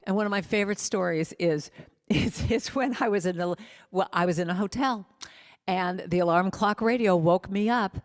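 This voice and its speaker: A woman's voice: medium pitch, moderate pace, in a large hall. A woman giving a spiritual talk as a guest speaker and musician at a spiritual center, telling personal stories and now and then singing short snippets. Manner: personal storytelling, breaks into sung snippets.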